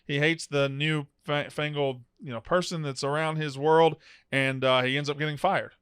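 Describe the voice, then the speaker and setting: A blunt, animated man co-hosting a film review chat, arguing his points with energy. His voice is fairly high and smooth, recorded dry and close with little room sound. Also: no room sound. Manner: blunt, animated, quick to argue. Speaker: podcast co-host. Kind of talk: casual movie review chat.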